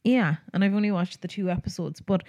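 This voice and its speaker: A woman's voice: mid-range voice, fast talker, a little mellow, no room sound. A young woman co-hosting a podcast in casual chat, talking on in a loose way with frequent laughs and sentences she leaves unfinished. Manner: chatty, laughs often, trails off mid-sentence. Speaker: podcast co-host.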